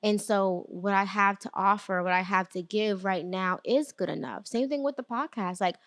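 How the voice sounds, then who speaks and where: A woman hosts her own podcast, speaking in an earnest, conversational, encouraging way. She speeds up in bursts and slows right down to stress a point, with plenty of small restarts. Her voice sits in a middle range and sounds close and dry, with no room around it. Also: mid-range voice, dry recording. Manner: frequent fillers and restarts, quick bursts then slow emphasis. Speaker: podcast host. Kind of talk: solo motivational podcast talk.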